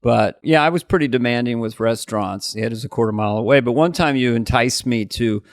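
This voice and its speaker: A middle-aged man co-hosting a chat show, spinning anecdotes and jumping into impressions of the people in them. His voice is mid-pitched and the sound is close and dry. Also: a little fast, no echo. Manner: animated storyteller who mimics the people he quotes. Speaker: podcast co-host.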